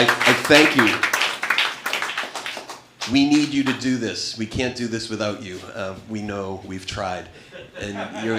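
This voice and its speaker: A man's voice: on the low side, reverberant, very noisy. A man in his thirties doing a stand-up comedy set, profane and wry, rambling and cutting himself off mid-sentence. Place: small comedy club stage. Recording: live club room with audience laughter.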